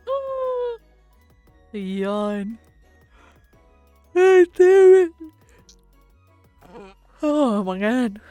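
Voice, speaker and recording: Female streamer, relaxed slow chatter, laughs a lot, casual cursing. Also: mid-range voice, no echo. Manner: giggly, chatty, swears casually. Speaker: VTuber streamer. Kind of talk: casual stream chat with viewers.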